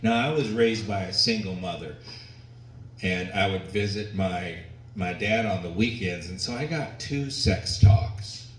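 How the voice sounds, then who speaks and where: Guy doing standup, takes his time, pauses for laughs, noisy room picked up from far away. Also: sits low. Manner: slow, deliberate storytelling with pauses for audience laughter. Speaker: stand-up comedian. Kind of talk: stand-up set. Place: comedy venue with a live audience. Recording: echoey room recorded from a distance, noisy. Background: audience laughter and room ambience.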